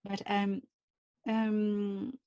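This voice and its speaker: A woman with a French accent, a native French speaker answering interview questions in English, speaking slowly and carefully with frequent hesitations. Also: medium pitch, completely flat delivery, warm tone, dry recording. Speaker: guest.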